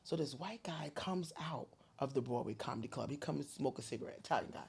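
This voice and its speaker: A woman comedian from New Jersey, telling animated, colorful stories in a casual interview and swearing freely. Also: a bass voice, quick pace, gravelly, slightly rough. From Paterson, New Jersey. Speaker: comedian and guest.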